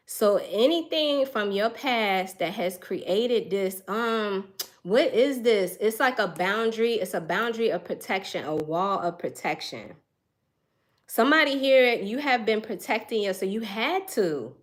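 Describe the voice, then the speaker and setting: A woman's voice: medium pitch, expressive, a little slow. A young woman giving an intuitive tarot reading, musing and searching for words with frequent sighs, earnest and emotional. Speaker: tarot reader.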